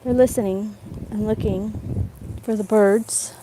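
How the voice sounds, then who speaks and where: A woman's voice: medium pitch, fairly even intonation, slow pace. A woman livestreaming while walking her dogs, chatting in a meandering, casual way into a phone held in her hand. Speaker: vlogger livestreaming a dog walk. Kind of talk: rambling casual live chat. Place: outdoors on a rural walk. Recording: phone audio outdoors with loud background noise. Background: loud birdsong and outdoor noise.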